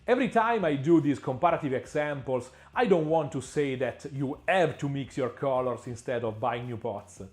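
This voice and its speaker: Man narrating a painting tutorial. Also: medium pitch. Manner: measured and explanatory, with frequent "uh" pauses.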